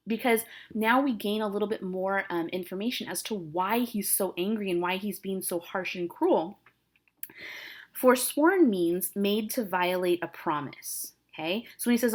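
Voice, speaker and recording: A woman teacher talks through a classic play for her students, reading lines and then restating them in everyday words. Her delivery is casual and conversational, with frequent checks for understanding. Her voice sits at an ordinary middle pitch. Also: animated, moderate pace. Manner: reads lines aloud then paraphrases casually, frequent "okay?" and "right?". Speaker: English teacher.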